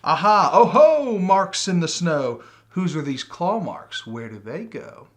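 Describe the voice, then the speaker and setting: A man reading a picture book aloud, voicing a bold young girl gruffalo who exclaims in a loud sing-song chant. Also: mid-range voice, very animated, a little slow. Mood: excited, chanting. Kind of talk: storybook read-aloud.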